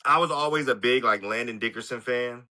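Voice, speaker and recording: A man's voice: mid-range voice, a little fast, pushed and bright. A man co-hosting a casual sports podcast, talking loosely with lots of "like" and "you know". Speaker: podcast co-host.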